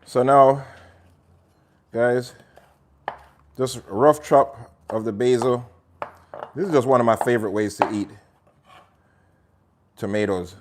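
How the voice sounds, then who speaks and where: A man's voice: mid-range voice, fairly even intonation, slow, pauses often, a little hiss or hum. A man hosting a live cooking stream, chatting to viewers while he cooks and slipping into patois now and then. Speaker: cooking show host. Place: home kitchen.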